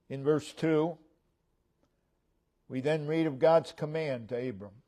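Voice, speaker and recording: Slow, deliberate preaching man. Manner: slow, deliberate preaching, dropping low and soft at phrase ends, rising for emphasis. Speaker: pastor. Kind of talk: sermon. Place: church sanctuary.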